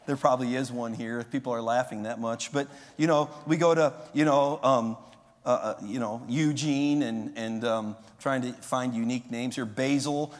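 A pastor in his forties preaching a sermon in a conversational way, with loud emphatic bursts. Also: medium pitch, normal speed. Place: church sanctuary. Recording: long hall reverb.

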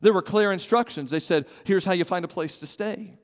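A man preaching a sermon as pastor, animated and calling on his congregation to respond. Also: sits high, brisk. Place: church sanctuary. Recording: long hall reverb.

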